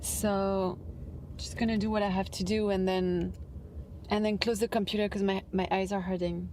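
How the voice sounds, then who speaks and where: A woman's voice: mid-range voice, flat delivery, normal speed, a little mellow, slight background noise. A woman in a casual vlog, talking to herself in a tired, chatty way from inside her car. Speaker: vlogger.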